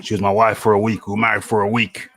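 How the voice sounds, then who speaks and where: A man's voice: fairly low pitch, level tone, quick pace, a bit bright, soft background music. A man hosting a casual talk show, telling a story with laughs and repeating his punchlines. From England. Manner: laughing, repeats lines for effect. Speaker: host. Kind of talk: casual banter.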